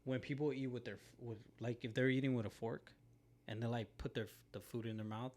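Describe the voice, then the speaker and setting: A man's voice: mid-range voice, fairly even intonation, fast talker, darkish tone. Young male co-host, laid-back and rambling, casual profanity, filler-heavy chat.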